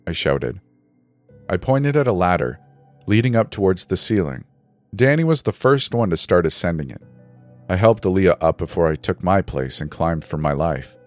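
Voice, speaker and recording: A man narrating a horror story in a measured, dramatic storytelling voice. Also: sits low, lively intonation, no room sound. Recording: faint background music.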